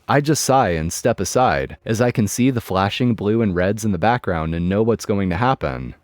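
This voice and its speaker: Low-voiced man narrating a story. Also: animated, moderate pace, hardly any pauses, dry recording. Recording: dry close mic with music bed.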